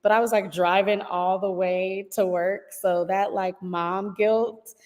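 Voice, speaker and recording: A woman's voice: mid-range voice, fairly even intonation, takes it slowly, darkish tone, long reverb tail. A woman in her thirties, a guest in a casual interview, chatty with frequent laughs and fillers.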